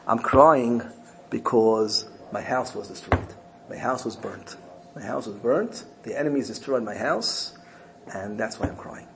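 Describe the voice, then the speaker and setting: Guy doing a sad soldier explaining his grief, soft mid voice, earnest. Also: mid-range voice, lively intonation, a little slow, background noise. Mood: mournful. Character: grieving Jewish soldier, man, mournful.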